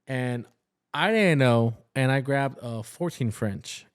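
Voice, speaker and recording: A man's voice: mid-range voice, slow pace, smooth. A man co-hosting a casual podcast, a newly trained nurse telling work stories in a rambling way with many restarts. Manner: rambling, full of restarts and quoted dialogue. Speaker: podcast co-host, new nurse. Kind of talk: casual chat.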